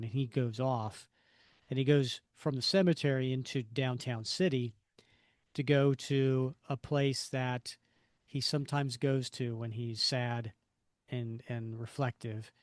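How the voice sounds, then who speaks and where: A man co-hosts a casual podcast and walks through a comic book story at an unhurried pace. His voice sits close and dry, with no room sound around it. He drops his voice low when he quotes the characters. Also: a little mellow, no room sound. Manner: retells the story with quoted lines in a lowered voice. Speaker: podcast co-host.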